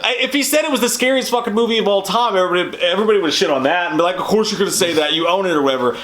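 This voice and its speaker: A man's voice: high-pitched, rapid-fire, a bit bright. A man co-hosting a casual movie chat, earnest and profane, reasoning things through at length. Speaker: co-host. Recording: echoey room.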